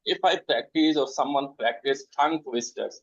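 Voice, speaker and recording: Guy hosting an interview, halting and full of uhs, muffled lo-fi sound. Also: mid-range voice. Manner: hesitant, many fillers and restarts. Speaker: interview host. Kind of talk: interview questions. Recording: dull lo-fi audio.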